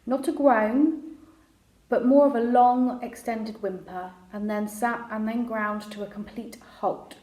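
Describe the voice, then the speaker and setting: A woman reading a children's novel aloud chapter by chapter, in a relaxed, conversational way with small restarts. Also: on the high side, a little slow. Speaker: storyteller. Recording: roomy echo.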